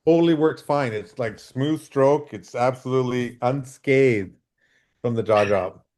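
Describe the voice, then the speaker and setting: A middle-aged man from Canada, a freeride mountain biker telling lively stories as a podcast guest over a video call and acting out the dialogue. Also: medium pitch, a little slow. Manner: animated storyteller, acts out quoted dialogue. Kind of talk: casual storytelling interview.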